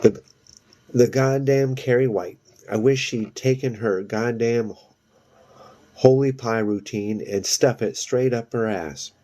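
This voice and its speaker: A man's voice: mid-range voice, slow, dark tone. A man voicing a brash, sneering teenage girl with a crude tongue, reading from a novel. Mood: furious.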